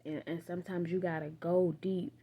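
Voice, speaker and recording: A woman giving a casual faith talk to her phone camera, animated and swinging from loud laughter to hushed near-whispers. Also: fairly low pitch, normal speed. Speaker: vlogger.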